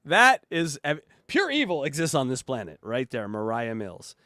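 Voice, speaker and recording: A man's voice: medium pitch, wildly swooping pitch, moderate pace, sharp tone, dry recording, clean studio sound. A man co-hosting a comedy podcast, mocking clips and laughing as he talks. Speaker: co-host.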